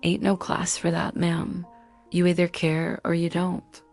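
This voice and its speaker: A woman's voice: lowish voice, completely flat delivery, measured pace, darkish tone, soft background music. A woman voicing a weary female diner waitress who speaks plainly and steadily. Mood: blunt.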